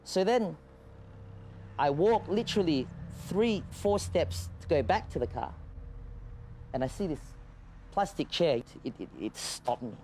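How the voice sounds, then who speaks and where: A man casually telling a story in an animated way, with frequent stammered restarts and loose, profane talk. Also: on the high side, measured pace, pauses often, a little hiss or hum.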